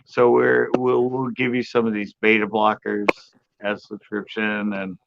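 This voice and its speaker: A middle-aged man in casual storytelling on a podcast panel, rambling and animated as he acts out other people's lines. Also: fairly low pitch, unhurried, vocal fry. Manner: rambling, animated retelling with quoted voices. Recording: muffled lo-fi audio with background noise.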